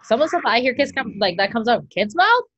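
Woman co-host, exasperated lively ranter, highish voice, dry and slightly dull recording. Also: quick pace, dry recording. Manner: exasperated, animated ranting. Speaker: podcast co-host. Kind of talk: casual chat.

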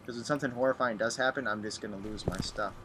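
A young gaming YouTuber comments on a horror game as he plays, jumpy and mocking himself as he talks to himself. His voice is medium-pitched and fast, on a noisy home recording with clicks.

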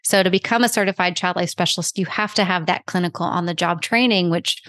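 A woman's voice: lowish voice, fast talker, a bit bright, dry recording, clean studio sound. A woman with a Texan accent, a guest explaining her profession in a casual interview, with frequent ums. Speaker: child life specialist guest.

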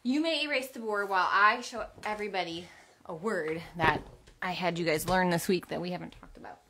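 A young woman teaching an online kindergarten class from home, in an animated, sing-song voice and a little out of breath. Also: lowish voice, a little fast, slight background noise.

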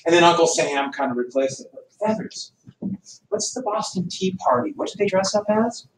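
A man teaching a history class, loud and animated, cracking jokes in a classroom. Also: high voice, moderate pace, slight background noise. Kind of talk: classroom lecture. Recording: echoey classroom from far off.

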